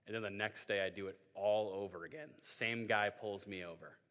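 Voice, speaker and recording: Young man, youth pastor, bright tone, joking sermon storytelling, long hall reverb. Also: lowish voice, fairly even intonation, fairly quick. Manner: joking storytelling, acts out voices.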